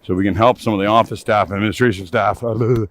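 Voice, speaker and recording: Out on a snowy trail in snowshoes, a middle-aged company boss and podcast host keeps up a loud, jokey, profanity-laced chat while a bit out of breath. He speaks quickly in a fairly low voice with fairly even intonation, over slight background noise.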